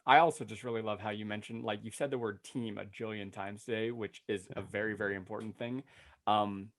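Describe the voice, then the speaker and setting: A man co-hosting a casual interview, talking in a relaxed, halting way with restarts. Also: fairly low pitch. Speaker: co-host.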